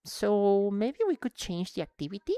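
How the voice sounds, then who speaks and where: A woman streaming live, chatting casually and excitably with viewers while playing, slipping between English and Spanish. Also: medium pitch, moderate pace, clear, resonant tone, no echo.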